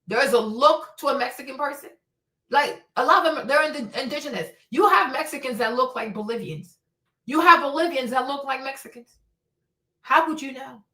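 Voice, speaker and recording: A woman's voice: high voice, normal speed, pushed and bright, roomy sound. A woman from Africa hosting a stream, ranting in a blunt, heated, profane way and repeating her points. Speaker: host. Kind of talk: livestream commentary rant.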